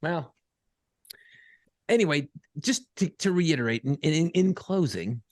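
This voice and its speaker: A man co-hosting a podcast, telling a profane, animated story in casual banter and acting out other people's voices. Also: a little high, unhurried, no room sound, studio quality. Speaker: podcast co-host and radio program director.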